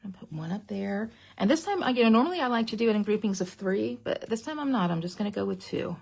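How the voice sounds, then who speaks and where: Chatty, gravelly woman teaching card-making. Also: medium pitch, quick pace. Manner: chatty and rambling, drops to a whisper when excited. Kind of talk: live online crafting class. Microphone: webcam at a craft desk.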